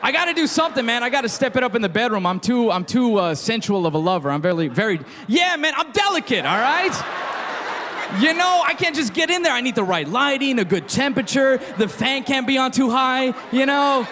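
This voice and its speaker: A man's voice: extremely high pitch, very animated, fairly quick. A man doing stand-up comedy in a playful, self-mocking way. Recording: live club recording with crowd noise.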